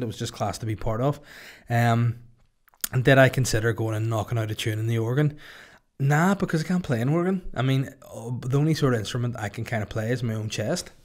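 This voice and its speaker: Jokey Northern Irish podcast host. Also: male voice, fairly low pitch. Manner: jokey, rambling, deadpan asides. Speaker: podcast host and stand-up comedian. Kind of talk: casual solo podcast chat.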